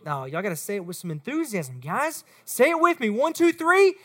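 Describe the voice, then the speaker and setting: With a brisk, mid-range voice, this woman preaches to middle school students in her role as youth pastor. Her delivery is animated, aimed straight at the kids in front of her.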